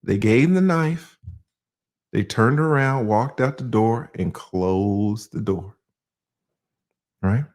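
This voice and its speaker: A man's voice: fairly low pitch, slow, long pauses, darkish tone. A male attorney giving casual legal commentary, telling it like a story with rhetorical questions and slangy asides. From United States.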